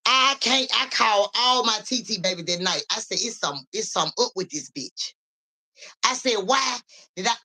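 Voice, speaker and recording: Live on stream, a young psychic reader tells her viewers a story directly, her talk casual, lively and profane. Her voice is on the high side, and she keeps a moderate pace.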